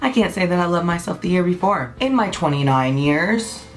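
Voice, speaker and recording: A woman's voice: on the low side, animated, moderate pace, soft background music. A woman, giving a blunt, passionate, unscripted rant to camera, swearing freely. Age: 20s. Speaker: vlogger.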